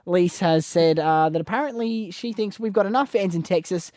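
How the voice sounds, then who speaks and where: A man's voice: sits high, normal speed, darkish tone, no echo, clean studio sound. An Australian man co-hosting a podcast in casual comedic chat, giggling often and talking about himself in a self-deprecating, rambling way. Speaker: podcast co-host.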